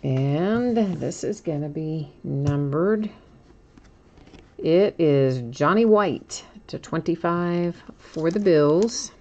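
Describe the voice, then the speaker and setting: A woman with a notably low voice hosts a live card break stream. She chats easily, teases herself and laughs often while stumbling over hard names. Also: animated, slow, a little mellow, highs cut off, a little hiss or hum. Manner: chatty and self-teasing, laughs often.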